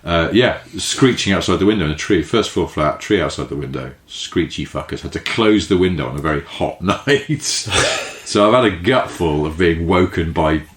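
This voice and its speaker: A man's voice: low-pitched, lively intonation, moderate pace, few pauses, roomy sound. A man co-hosting a podcast in casual chat, swearing freely and laughing often, recorded in a caravan. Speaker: podcast co-host. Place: caravan in a field.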